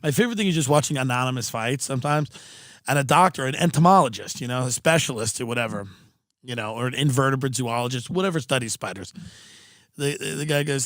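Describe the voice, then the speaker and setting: A man's voice: medium pitch, quick pace, a bit bright, no echo, studio quality. A man with a rambling, wry delivery, hosting a podcast and telling a comic story. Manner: rambling, wry, acts out quoted voices. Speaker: podcast host. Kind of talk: comedic storytelling.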